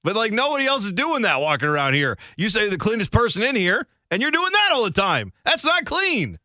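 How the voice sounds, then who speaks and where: A man's voice: high voice, huge pitch swings, fairly quick, sharp tone, no room sound, clean studio sound. A man co-hosting a radio show, joking and teasing his partner in comedic banter. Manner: joking, teasing, acts out silly voices.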